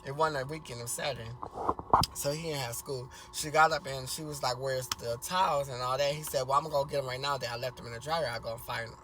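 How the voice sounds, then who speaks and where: A man's voice: steady tone, quick pace, noisy background. A man telling a family story in a rambling, casual way, full of fillers and restarts, with crude language. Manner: acts out quoted voices louder and higher.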